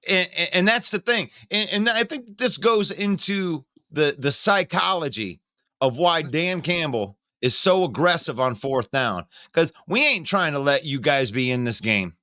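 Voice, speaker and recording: A man's voice: on the high side, animated, unhurried, bright, forceful tone, no room sound, clean studio sound. A man hosting a casual sports podcast, laid-back and slangy, laughing often. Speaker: podcast host.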